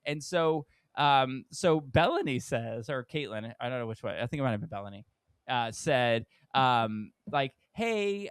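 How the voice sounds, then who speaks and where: A man's voice: moderate pace, smooth, no echo. A man co-hosting a podcast who tells a story in casual chat, acting out the people he quotes with sudden jumps in his voice. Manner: animated storyteller, acts out quoted people with big pitch jumps. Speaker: podcast co-host.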